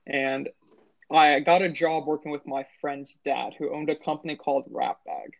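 A man's voice: a little high, steady tone, moderate pace, vocal fry, no room sound, lo-fi sound. A man co-hosting a podcast, telling a story in a rambling way and correcting himself as he goes. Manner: rambling, self-correcting, fillers. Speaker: podcast co-host. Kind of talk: casual storytelling.

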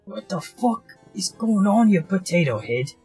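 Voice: mid-range voice, moderate pace, breathy edge, soft background music. A player voicing a fed-up adventurer who swears a lot. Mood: exasperated. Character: exasperated adventurer, crude and fed up.

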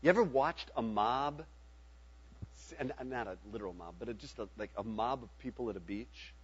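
A man's voice: medium pitch, moderate pace, husky, dull audio. A middle-aged man preaching a sermon in a conversational way, often checking in with his listeners. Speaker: pastor.

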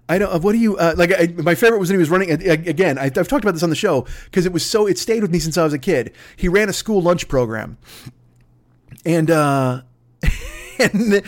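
Male podcast host, high animated voice, foul-mouthed comic rant. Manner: profane, animated. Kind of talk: comedic rant.

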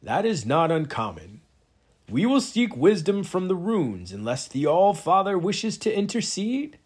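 A stern male chieftain, voiced by a man, who addresses a hall in a raised, formal voice. His tone sits higher than the narration and carries a husky rasp. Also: sing-song, a little slow, darkish tone, heavily acted.

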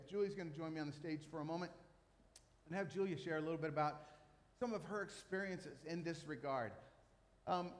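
A man preaching a sermon as pastor, telling a story with animated, self-mocking humor on a church stage. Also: a little high. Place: church stage in a large hall. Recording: long reverb of a hall.

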